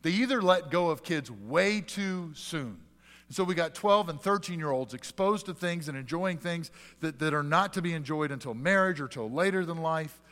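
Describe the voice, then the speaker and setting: A man's voice: a little high, animated, normal speed, a bit bright. A man in his forties, a pastor preaching a sermon in a church sanctuary, earnest and fond of rhetorical questions. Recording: long hall reverb.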